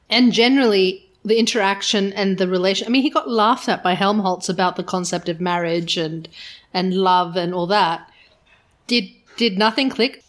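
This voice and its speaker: A woman discussing a book casually, blunt and questioning. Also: mid-range voice.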